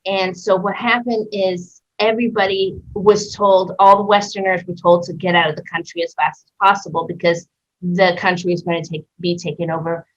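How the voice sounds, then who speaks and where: A woman from Canada, a guest in a casual interview, telling a story in an animated way, acting out voices and swearing freely. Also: lowish voice, moderate pace. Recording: dull lo-fi sound.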